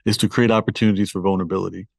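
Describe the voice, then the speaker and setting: A man with a Toronto accent speaks as a guest author in a laid-back podcast interview. He is open and self-deprecating, and his fairly deep voice comes across dry and close, with no room sound. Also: flat delivery, rapid-fire, gravelly, breathy edge, no echo. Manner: candid, self-deprecating, conversational.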